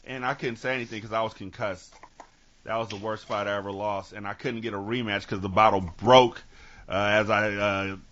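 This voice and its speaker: A man from Sacramento hosting a podcast, telling stories with lively acted-out quotes and casual swearing, on dull lo-fi audio. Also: on the low side. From Sacramento, California. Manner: animated storytelling, acts out quotes, swears freely. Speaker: podcast host. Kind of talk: casual chat.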